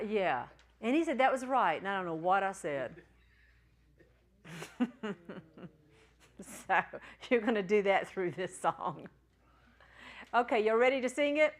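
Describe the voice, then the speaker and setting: A woman teaching a church class, patiently spelling out letters and sounding out syllables slowly. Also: medium pitch. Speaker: Bible Greek teacher.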